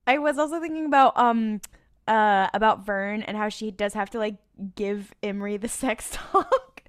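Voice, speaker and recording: A woman's voice: mid-range voice, moderate pace, smooth. A woman co-hosting a casual fan discussion podcast, teasing and playful. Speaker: podcast co-host.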